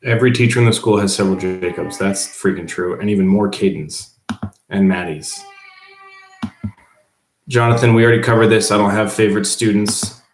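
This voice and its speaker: Male teacher, lowish voice, offhand livestream chatter, roomy echo. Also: normal speed, a little hiss or hum. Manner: reads viewer comments aloud and answers them offhandedly. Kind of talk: casual livestream chat. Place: at home, below the baby's room.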